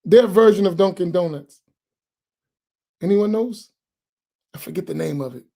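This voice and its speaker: Imam, male, chatty and animated storyteller, laughs a lot. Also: sits high, moderate pace, gravelly. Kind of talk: casual talk after dawn prayer.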